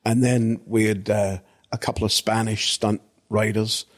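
An older man from Britain with a husky, somewhat low voice, recounting stories from his film work. He rambles as he goes and leans on "you know" to keep the thread. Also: flat delivery, measured pace. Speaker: actor guest. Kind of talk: anecdotal storytelling.

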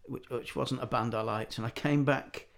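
A man's voice: medium pitch, fairly even intonation, normal speed, creaky. A middle-aged man telling anecdotes in casual chat, acting out the voices of people he quotes.

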